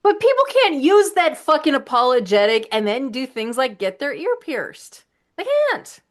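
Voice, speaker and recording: A woman's voice: sits high, very animated, normal speed. A woman co-hosting a podcast, blunt and crude, joking freely in casual chat. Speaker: podcast co-host.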